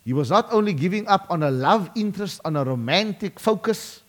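A man preaching a sermon, emphatic and slowing down dramatically to drive points home. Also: high-pitched, animated. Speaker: pastor.

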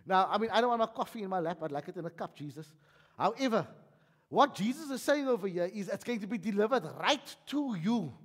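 A South African man preaching a sermon in a lively, conversational way with touches of humor, recorded in a church hall. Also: sits high, fairly quick, slightly rough. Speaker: pastor. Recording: long hall reverb.

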